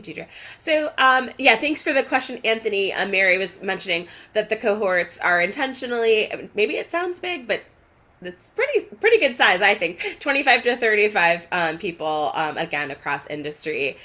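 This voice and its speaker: Bright upbeat woman host. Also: mid-range voice, animated, normal speed. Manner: upbeat, encouraging, with many fillers. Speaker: session host. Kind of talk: moderating an online info session. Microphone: video call.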